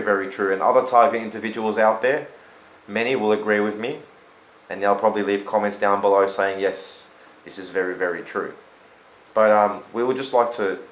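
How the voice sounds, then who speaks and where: A man's voice: fairly low pitch, reverberant, low-quality recording. A man, talking earnestly and telling a story in a casual conversation. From Australia. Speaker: host. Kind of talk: casual chat.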